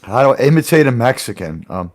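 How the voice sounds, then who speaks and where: A man's voice: mid-range voice, very animated, quick pace. A man hosting a casual chat, joking around, laughing often and slipping into silly put-on voices. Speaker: host.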